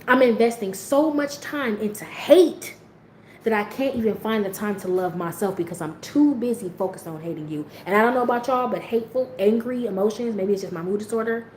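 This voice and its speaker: A woman's voice: mid-range voice, quick pace, few pauses, a little mellow. A woman speaking candidly to her livestream viewers. She is blunt and profane, and her voice sits in the middle range. The sound comes through a roomy, echoing space with a faint hiss underneath. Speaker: livestream host. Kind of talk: candid motivational livestream talk.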